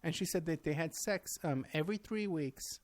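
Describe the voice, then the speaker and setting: Man, talk-show guest, slightly higher voice, agreeable, recounts details with ums. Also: normal speed. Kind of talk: casual conversation.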